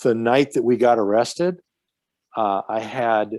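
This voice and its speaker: A man's voice: medium pitch, measured pace, a little mellow, no room sound. A man telling stories as a podcast guest in casual chat, profane and rambling with many restarts.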